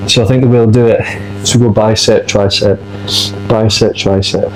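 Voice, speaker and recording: A man's voice: fairly low pitch, fairly even intonation, normal speed, soft background music, poor audio. A man giving casual gym training tips between sets, a little out of breath. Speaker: fitness vlogger. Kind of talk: casual gym vlog talk. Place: gym, indoors.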